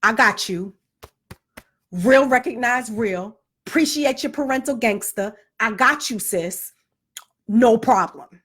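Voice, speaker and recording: A woman doing a measured school office clerk. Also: fairly high pitch, animated, a bit bright, slightly rough, heavily acted. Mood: friendly. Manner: businesslike and measured. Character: school office clerk, formal then friendly.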